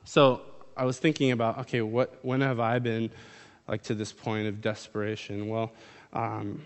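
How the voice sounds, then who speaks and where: A man's voice: on the low side, little pitch movement, normal speed. A man preaching a sermon in a casual, conversational way, reading scripture aloud and then explaining it. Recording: long hall reverb.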